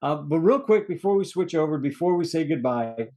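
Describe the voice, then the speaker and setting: Co-hosting a casual movie review podcast, a man with a somewhat high, mellow voice talks a little fast with lively intonation. He rambles through cast names, restarting and chuckling at his own jokes.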